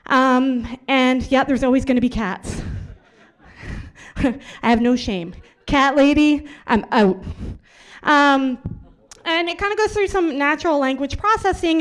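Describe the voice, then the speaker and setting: High-voiced chatty woman presenting. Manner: chatty, playful, self-mocking. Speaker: hackathon team presenter. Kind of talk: casual demo presentation.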